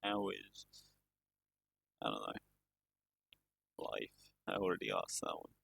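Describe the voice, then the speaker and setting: A man's voice: low voice, wildly swooping pitch, slow pace, creaky, a bit bright, slightly rough, no echo. A male streamer chatting casually on a live stream, tired and rambling in a self-deprecating way.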